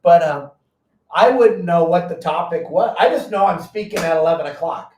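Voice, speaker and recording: A brash, high-energy man with a slightly high voice tells fishing show stories loudly and bluntly, with plenty of punch, at a normal speed. It's casual podcast chat, recorded in an echoey room with the mic at a distance.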